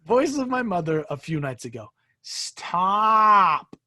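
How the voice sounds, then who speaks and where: This man speaks in a brisk, sing-song voice with a slight roughness, recorded with no echo. As a podcast co-host, he reads creepy stories aloud casually, jokes with friends, and bursts into shrill shouted ghost voices.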